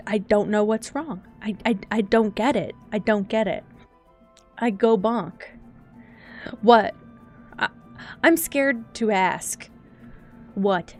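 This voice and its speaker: A young woman streaming live and chatting casually, teary and sniffly from crying, rambling and flustered as she laughs at herself. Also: medium pitch. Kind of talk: casual live-stream chat while gaming. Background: faint background music.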